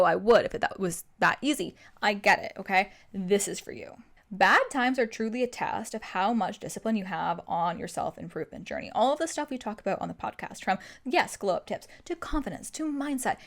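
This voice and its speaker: A young woman hosting a self-help podcast, giving a direct tough-love pep talk and calling the listener "girl". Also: mid-range voice. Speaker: podcast host.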